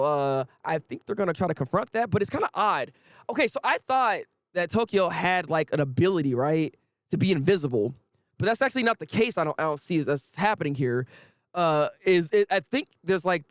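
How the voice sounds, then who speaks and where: A man hosting a casual anime episode recap, animated and laughing often as he acts out characters' lines. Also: high-pitched, no room sound, studio quality. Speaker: anime review host.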